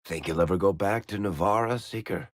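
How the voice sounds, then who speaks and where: A man's voice: low voice, fairly quick, dry recording, studio quality, close to an everyday voice. An actor playing a wry, teasing middle-aged male dwarf storyteller in sarcastic video game companion banter.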